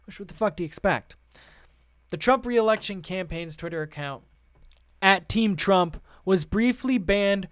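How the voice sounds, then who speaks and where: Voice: mid-range voice, clean tone. A sarcastic political commentator who reads out news and breaks into profane rants. The delivery is heated, mocking and full of rhetorical questions.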